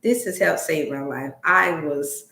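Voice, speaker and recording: Role: host. Sex: woman. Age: middle-aged. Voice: low. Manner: chatty, folksy, faith-filled. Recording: echoey room. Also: a little slow, vocal fry, pushed and bright. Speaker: wellness livestream host. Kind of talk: casual livestream chat with prayer. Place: room at home.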